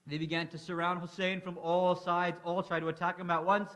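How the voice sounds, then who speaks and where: A man reciting a mournful lament with a high, bright voice. He is impassioned and often rises into anguished cries. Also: little pitch movement, fairly quick.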